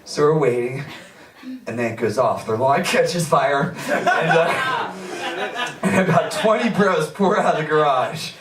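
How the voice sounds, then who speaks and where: Doing stand-up live in a small comedy venue, a young man laughs through pain and yelps, his voice on the high side and unhurried. The audio is echoey and distant from the mic, with a loud crowd and audience laughter.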